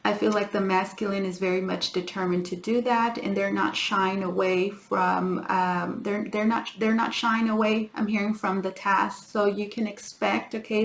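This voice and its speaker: A woman giving a tarot reading to her viewers, talking in halting starts and repeats and often addressing them as guys. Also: mid-range voice, gravelly, echoey room, slight background noise. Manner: halting, repeats herself, keeps saying "guys". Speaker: tarot reader.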